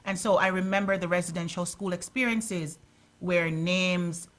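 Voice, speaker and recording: A woman's voice: on the low side, fairly even intonation, normal speed, fairly bright tone. A woman on a studio talk show, telling a personal story with strong emphasis. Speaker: guest. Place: radio studio.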